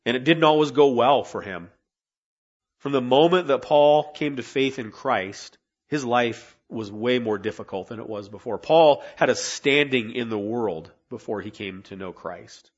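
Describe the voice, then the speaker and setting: A man's voice: medium pitch, measured pace, slightly rough, dull audio. A man preaching a sermon to his church in an earnest, conversational way, often restarting phrases and asking rhetorical questions. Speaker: pastor. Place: church sanctuary.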